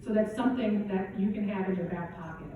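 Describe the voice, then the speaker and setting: A woman's voice: mid-range voice, fairly quick, noisy background. A middle-aged woman golf coach giving a casual, conversational motivational keynote speech, often asking "right?". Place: event hall at a golf championship. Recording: very echoey hall, distant dull mic.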